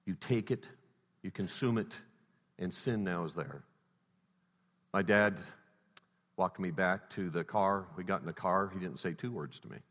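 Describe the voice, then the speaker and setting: A man preaching a sermon built around a personal story, swinging between loud emphasis and hushed lines. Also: low voice, unhurried, long pauses. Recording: reverberant hall.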